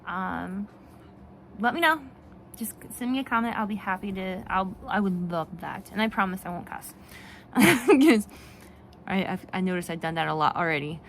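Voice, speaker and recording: A woman talking casually in a vlog, animated and rambling, with frequent restarts and laughs. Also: mid-range voice, moderate pace, slight background noise. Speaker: vlogger and children's book author. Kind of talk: casual talk to camera.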